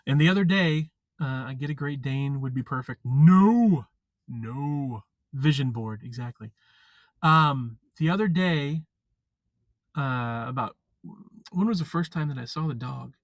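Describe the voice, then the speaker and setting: A man chatting casually on a live stream, rambling and halting with lots of fillers and restarts. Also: mid-range voice, no echo, muffled recording. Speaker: vlogger.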